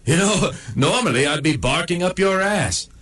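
Un hombre haciendo de un perro sarcástico y gruñón. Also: male voice, on the high side, animated, moderate pace, fairly bright tone. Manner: sardonic, self-pitying and crude. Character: grumpy male dog wearing a cone, sarcastic. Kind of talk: comedic inner monologue.

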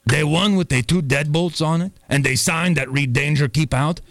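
A man's voice: on the high side, normal speed, a bit bright. A man playing a swaggering, menacing male gangster pharmacist in a comedy sketch, with a thick put-on accent and broken grammar, threatening and laughing at his own jokes. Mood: conspiratorial.

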